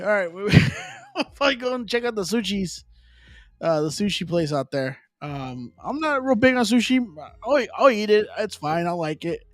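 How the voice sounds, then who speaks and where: A man talks loosely and rambles through a casual chat, dropping slang and Spanish phrases as he goes. His voice sits high for a man. It is recorded dry and close, with faint music underneath. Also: no echo. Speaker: live stream host.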